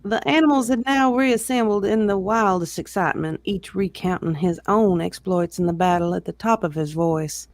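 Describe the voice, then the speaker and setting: Expressive reader narrating a novel aloud. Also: mid-range voice, moderate pace, hardly any pauses, no room sound. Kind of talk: reading a novel aloud with banter.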